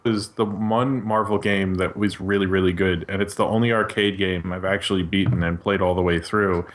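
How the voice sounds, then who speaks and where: A man's voice: sits low, steady tone, moderate pace. A man co-hosting a podcast, chatting casually and telling rambling nostalgic stories. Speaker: podcast co-host.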